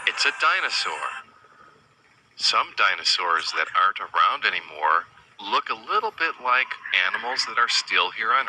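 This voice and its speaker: Guy doing a slow kids' lesson, lowish voice, copies animal noises and asks questions. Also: background noise. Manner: imitates animal sounds, asks the child questions. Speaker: children's educator. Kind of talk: slow, sing-song teaching to young children.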